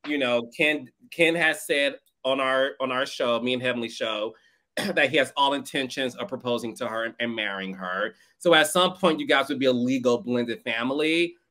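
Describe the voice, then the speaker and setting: A man hosting a podcast, asking measured interview questions. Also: mid-range voice, bright, forceful tone. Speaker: podcast host.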